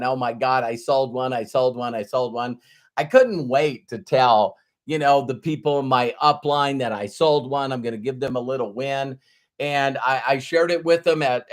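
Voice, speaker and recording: Speaking at a medium pitch, a man who works as a business coach shares a motivational story in a relaxed, lively way, often starting over and repeating himself.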